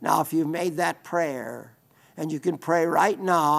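A man preaching a sermon, reading scripture with emphasis and leading a quiet prayer. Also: a little high, a little slow, vocal fry.

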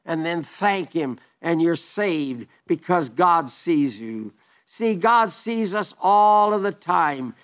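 A man's voice: fairly high pitch, animated, slow, fairly bright tone. A man preaching a sermon in an earnest, emphatic way, quoting old-fashioned scripture.

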